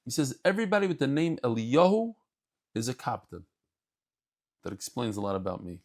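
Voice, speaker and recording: Brief: male Talmud teacher, lively and jokey, plays out the text's dialogue. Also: mid-range voice, a little fast. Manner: animated, jokey asides, acts out dialogue. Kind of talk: daily Talmud class.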